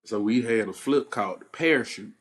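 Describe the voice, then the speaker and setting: Animated young man telling a story. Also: fairly low pitch, brisk. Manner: animated storyteller, acts out quoted voices, laughs at himself. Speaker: podcast host. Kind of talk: casual storytelling chat.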